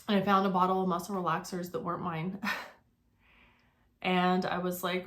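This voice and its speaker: A woman's voice: on the low side, flat delivery, moderate pace, long pauses. A woman in her forties telling her own life story in an earnest, reflective way, with many fillers and restarts. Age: 40s. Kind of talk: personal storytelling to camera.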